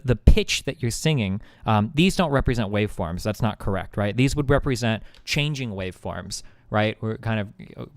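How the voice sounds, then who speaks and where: A male streamer explains a topic off the cuff, his mid-pitched voice smooth and resonant. He rambles and stumbles, often stopping to search for the right word. The sound is dry and close, with no room around it. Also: dry recording. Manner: rambling, searches for words, many fillers and restarts. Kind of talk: casual live-stream explaining.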